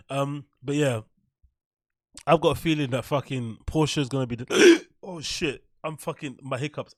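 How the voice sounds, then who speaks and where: A man's voice: medium pitch, no room sound, clean studio sound. A man hosting a casual livestream, rambling, swearing freely and answering his chat. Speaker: livestream host.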